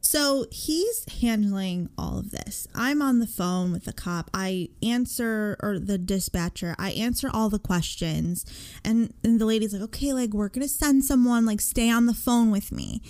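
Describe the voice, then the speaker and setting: A young woman in her twenties co-hosting a podcast, telling a story in a casual, animated way, with lots of swearing and "like" fillers. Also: mid-range voice, a little slow. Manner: animated, profane, many "like" fillers. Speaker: podcast co-host.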